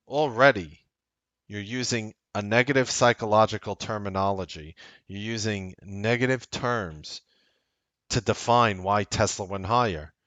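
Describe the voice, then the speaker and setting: A blunt trading host with a tense, forceful edge to his voice, delivering a sarcastic livestream rant that lurches between loud jabs and muttered asides. The sound is dry and close, with no room around it. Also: no room sound. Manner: blunt, sarcastic ranting that swings from loud to low. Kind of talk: unscripted livestream commentary.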